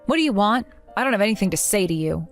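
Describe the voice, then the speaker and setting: A woman plays a young bride left at the altar, speaking with earnest feeling in a lively, swinging voice. Her tone rides up and down with emotion over faint music. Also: mid-range voice, fast talker, close to an everyday voice. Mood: cold. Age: young adult. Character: jilted young bride, hurt then resolute. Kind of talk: narrated drama voice acting.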